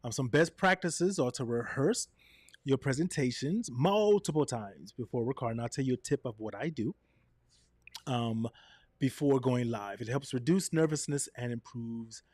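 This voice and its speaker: A man's voice: mid-range voice, moderate pace, no echo, clean studio sound. A man teaching a session on camera presence, asking "right?" often and changing his tone to show his points. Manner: animated, varies tone to demonstrate points, frequent "right?". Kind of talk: presentation coaching.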